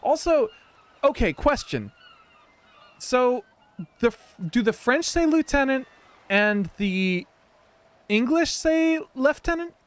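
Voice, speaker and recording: A man's voice: very high-pitched, animated, takes it slowly, pauses often, a bit bright, no echo. An American man streaming a video game, giving casual, joking commentary with rambling asides. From United States.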